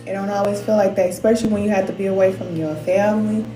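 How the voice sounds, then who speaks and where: A woman's voice: medium pitch, flat delivery, fast, mellow, soft background music. A middle-aged woman giving spiritual advice to her viewers in a candid, emotional, slangy way. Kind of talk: casual heartfelt talk to viewers. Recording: roomy echoey sound.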